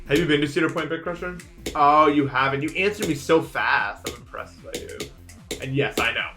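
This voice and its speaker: A young man streaming, chatting casually with viewers in a rambling, animated way. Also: a little high, a little fast, faint music behind. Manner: rambling, animated, swings into shouting.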